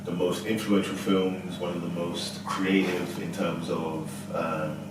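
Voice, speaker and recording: A man co-hosting a podcast, chatting in an excitable, slangy way with lots of fillers. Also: low voice, a little slow. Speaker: podcast co-host. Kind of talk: casual chat. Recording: roomy, distant mic with background noise.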